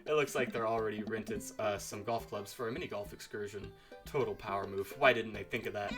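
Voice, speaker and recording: A man's voice: on the low side, a little fast, fairly bright tone, faint music behind. A man giving playful, jokey commentary as he plays through a story game. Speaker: game streamer. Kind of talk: let's-play commentary.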